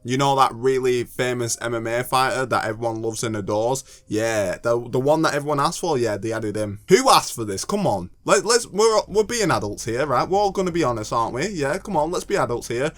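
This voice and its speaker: A man's voice: medium pitch, a little fast, few pauses. Jokey, ranting young British man. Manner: jokey and animated, ranting, stumbles over names. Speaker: gaming video creator. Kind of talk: casual commentary video.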